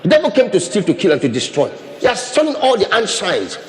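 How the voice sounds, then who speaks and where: A man's voice: high voice, huge pitch swings, fast talker, slight background noise. A man preaching a sermon as pastor, talking animatedly, repeating and restarting phrases as he demonstrates with his hands. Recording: long reverb of a hall.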